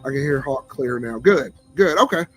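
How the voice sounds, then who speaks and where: A man with a Southern drawl hosts a casual livestream chat, greeting viewers in a laid-back way and chuckling. His mid-range voice is a bit bright and husky, with lively intonation and a moderate pace, over faint background music.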